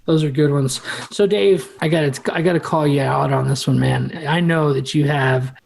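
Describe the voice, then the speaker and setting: Gravelly-voiced male podcast host. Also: on the high side, normal speed, a little mellow. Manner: friendly, laughs along, nudges guest for stories. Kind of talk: casual interview hosting.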